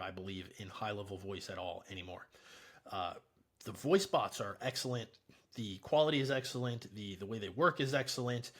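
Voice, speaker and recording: A man with a low, somewhat husky voice hosts a casual software tutorial. He talks in a relaxed, chatty way and explains each step with easy fillers. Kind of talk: casual screen-recorded tutorial.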